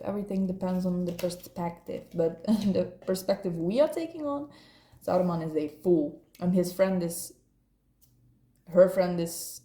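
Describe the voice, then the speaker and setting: A woman gives a rambling, playful card reading at an unhurried pace. Her voice is low-set and mellow, and she laughs often. It was recorded in an echoey room. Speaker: tarot card reader. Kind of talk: casual spoken card reading.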